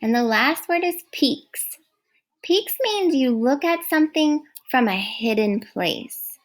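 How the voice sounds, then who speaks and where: A woman teaching a recorded first grade phonics lesson, speaking clearly and praising often. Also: high-pitched, expressive. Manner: slow, clear, encouraging teacher talk.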